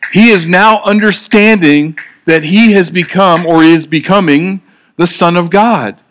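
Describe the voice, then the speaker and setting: A man preaching a sermon with a slightly higher voice than most men. He talks in an earnest, conversational way and often restarts his sentences as he works through his point. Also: a little slow, a bit bright.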